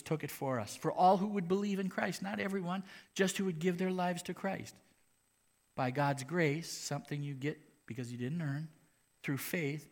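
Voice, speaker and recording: A man preaching a sermon, moving between hushed, slow passages and loud, emphatic ones. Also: medium pitch. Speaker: pastor.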